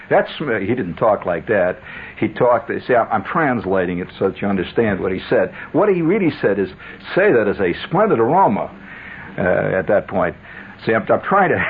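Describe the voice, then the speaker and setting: A man's voice: lowish voice, husky. A man hosting a radio show, telling stories in a wry, sardonic monologue with chuckling asides. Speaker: radio host. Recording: tinny old radio broadcast with faint hiss.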